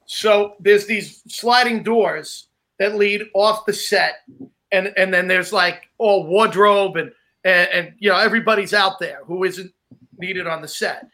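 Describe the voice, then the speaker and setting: A man's voice: high voice, measured pace, pushed and bright. A man hosting a casual chat, telling chatty stories. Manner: chatty anecdote teller.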